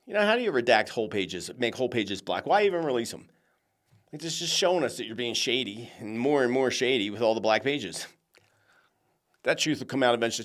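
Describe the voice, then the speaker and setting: Male host, chatty monologue voice, animated, talks straight to his viewers like friends. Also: medium pitch. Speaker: psychic show host.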